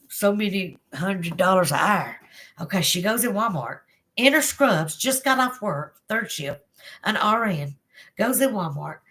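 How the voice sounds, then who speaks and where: A woman's voice: medium pitch, a bit bright. Woman, Southern accent, live stream host, casual chat, folksy, laughs often, phone mic.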